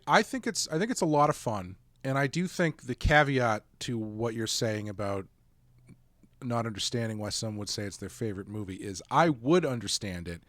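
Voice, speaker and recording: A man talks casually as a podcast co-host and wanders through his points, restarting and correcting himself as he goes. His voice sits at a middle pitch for a man. The recording is dry and close. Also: no echo. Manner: rambling, self-correcting, relaxed. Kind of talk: casual chat.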